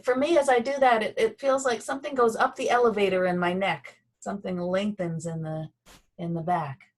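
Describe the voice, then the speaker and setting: A woman leads a slow, gentle movement and voice lesson. She speaks over a video call, pausing between cues. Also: mid-range voice, steady tone. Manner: gentle, slow guiding with pauses. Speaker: Feldenkrais movement instructor.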